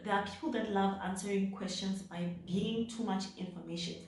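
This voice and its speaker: A woman's voice: mid-range voice, steady tone, brisk, darkish tone. A woman from South Africa talks casually to camera, giving relationship advice. She repeats her points and checks in with "right?". Her voice rings around a very echoey room, picked up from a distance. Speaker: vlogger giving dating advice.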